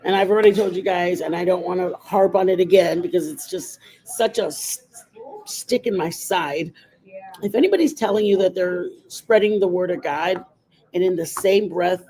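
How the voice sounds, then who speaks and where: A woman's voice: lowish voice, dark tone, slightly rough, poor audio. Chatty woman rambling on a makeup stream. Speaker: livestream host. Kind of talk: casual makeup livestream chat.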